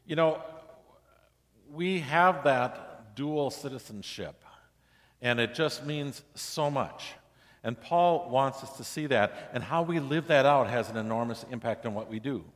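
Male pastor, conversational sermon, mid-pitched voice, long church reverb. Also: unhurried. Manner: conversational, asks the congregation questions. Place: church sanctuary.

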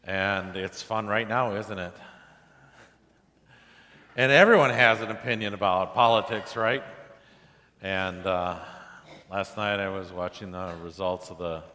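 A man's voice: deep voice, measured pace, pauses often, sharp tone. A male pastor preaching a sermon in a chatty, conversational way, often asking the congregation questions. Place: church sanctuary. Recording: long hall reverb in a church.

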